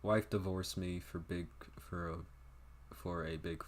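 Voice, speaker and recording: A man's voice: low-pitched, steady tone, measured pace, a little hiss or hum. A young man streaming a game, chatting to viewers in a rambling, offhand and profane way. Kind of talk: casual livestream chat.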